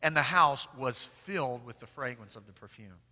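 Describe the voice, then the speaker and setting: A male pastor preaching a sermon. He swings between loud, emphatic declarations and quiet, intimate asides, in what sounds like a church sanctuary. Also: medium pitch, animated, moderate pace. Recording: long hall reverb.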